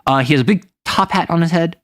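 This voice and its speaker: A game master recaps a tabletop session in loose, rambling chat, full of fillers and restarts. His voice sits a touch higher than most men's. The sound is dry, with no room echo. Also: fast talker, a bit bright. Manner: rambling, heavy use of "like" as filler, self-correcting. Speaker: game master recounting a campaign. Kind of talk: casual chat.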